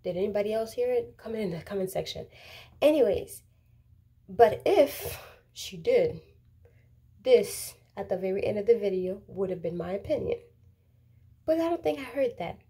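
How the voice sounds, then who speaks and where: A woman vlogger giving sassy, animated opinion commentary to the camera in a casual way. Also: medium pitch, normal speed, long pauses. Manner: sassy, animated, talks back to the subject. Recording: roomy echo with faint background noise.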